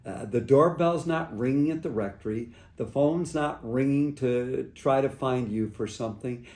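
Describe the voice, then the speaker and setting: A man's voice: mid-range voice, moderate pace, darkish tone, close to an everyday voice. A man voicing his strong-willed elderly mother, plainspoken and insistent, in an echoey room. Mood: tender.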